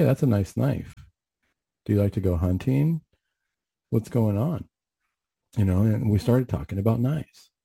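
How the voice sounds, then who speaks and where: A man's voice: fairly low pitch, gravelly, warm tone, husky, dry recording. A middle-aged man hosting a talk radio show, earnestly retelling a tense encounter with a patient, with frequent restarts. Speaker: radio show host and clinician.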